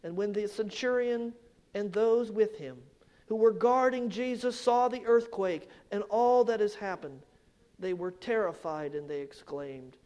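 A man preaching a sermon, slow and emphatic, swelling louder on key points and dropping low and soft at the ends of phrases. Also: highs cut off. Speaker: pastor.

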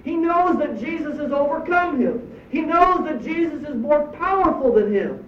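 High-voiced preacher in an echoey church. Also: male voice, animated, moderate pace, a little hiss or hum. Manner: emphatic preaching with rhetorical questions. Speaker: pastor. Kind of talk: sermon. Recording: echoey distant dull church recording.

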